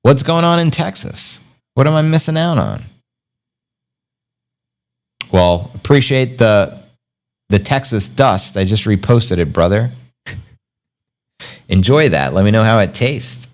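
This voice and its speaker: A man hosting a casual livestream, rambling upbeat and slangy, reading out viewer comments and giving shout-outs. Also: on the low side, lively intonation, slow, long pauses. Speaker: crypto livestream host.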